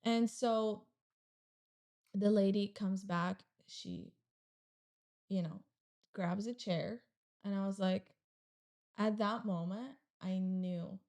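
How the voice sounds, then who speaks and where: A young woman recounts a hard personal story as a guest on a chat show. Her voice is low in brightness and mellow, with a lot of vocal fry, and she talks in a rambling way, leaning on "like" as she goes. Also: slow pace, pauses often. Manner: rambling, heavy use of "like". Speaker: podcast guest.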